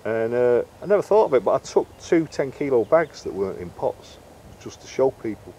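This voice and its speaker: A man's voice: medium pitch, sing-song, moderate pace, mellow, slight background noise. A middle-aged man, a guest in an interview, telling fishing stories in a chatty way and acting out the dialogue. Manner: chatty anecdotal, acts out quoted dialogue. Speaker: interview guest, carp angler and bait maker. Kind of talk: casual storytelling interview.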